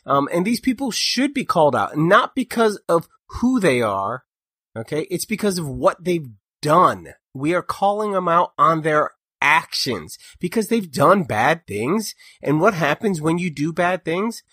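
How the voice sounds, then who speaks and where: A man co-hosting a casual political podcast, talking in an animated way and mocking people by quoting them in put-on voices. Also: fairly high pitch, unhurried, slightly rough, no echo, studio quality. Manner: animated, mocks others in quoted voices. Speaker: podcast co-host.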